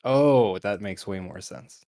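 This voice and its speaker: A man's voice: fairly low pitch, slow pace, gravelly, mellow, dry recording, studio quality. A playful man chatting and narrating his character at a tabletop role-playing game. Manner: playful, laughs often. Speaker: player.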